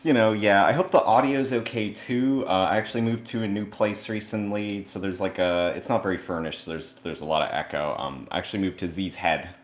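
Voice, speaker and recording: A man's voice: lowish voice, a little fast, hardly any pauses. A man delivering a comedic roast with sarcastic, mock-earnest jokes and self-deprecating asides, recorded in a sparsely furnished new home. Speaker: roast participant. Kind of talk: comedic roast set over a video call. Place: newly moved-in, barely furnished home. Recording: echoey, sparsely furnished room.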